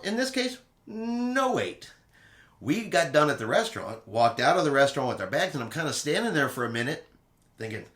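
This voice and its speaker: A man hosting a travel vlog, telling a casual cruise recap in an animated way and acting out quotes dramatically. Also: medium pitch, roomy sound. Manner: animated storyteller who acts out quotes dramatically.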